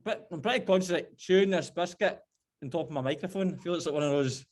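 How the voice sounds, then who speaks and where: A man's voice: a little high, fast, a little mellow. A man with a Scottish accent co-hosting a podcast from a gym, bantering bluntly. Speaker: podcast co-host, strength coach. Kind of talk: casual podcast chat.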